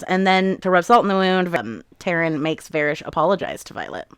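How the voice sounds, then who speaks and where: A woman's voice: fairly low pitch, animated, a little fast, fairly bright tone, clean tone, dry recording, clean studio sound. A woman hosting a book channel, casually recapping chapters and retelling scenes in quoted voices.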